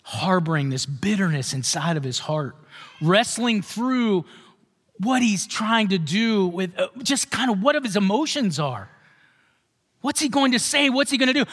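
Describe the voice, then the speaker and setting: A man's voice: sits high, lively intonation, measured pace, a bit bright, big-room sound. A male pastor giving a sermon in a conversational way, often checking with the congregation. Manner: conversational, asks the congregation questions.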